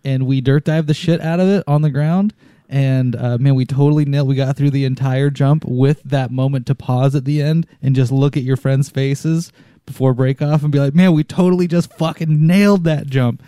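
A man's voice: mid-range voice, steady tone, normal speed, mellow, smooth, no echo, studio quality. A man talking casually and enthusiastically, often saying dude and man. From not from Texas, lives in Texas. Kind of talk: casual chat.

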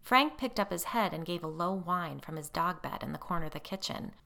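A woman storyteller with a gravelly, creaky texture and a lowish pitch. Her tone is bright and forceful, and she reads in a measured, steady way. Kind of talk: storybook narration.

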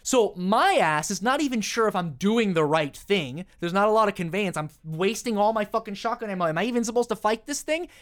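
A man co-hosting a casual podcast, arguing in an animated, profane, rambling way. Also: sits high, fairly quick, hardly any pauses. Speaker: podcast co-host.

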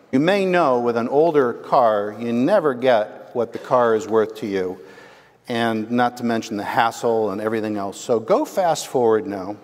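A man preaching a sermon as the pastor, telling a story and asking the congregation "right?". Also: mid-range voice. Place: church. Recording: long hall reverb.

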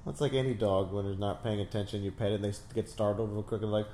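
A man's voice: fairly low pitch, fast. A man chatting casually and joking while watching a movie with a friend. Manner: joking, animated banter with laughter. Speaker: co-viewer reacting to a movie. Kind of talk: casual chat. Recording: roomy sound with faint background noise.

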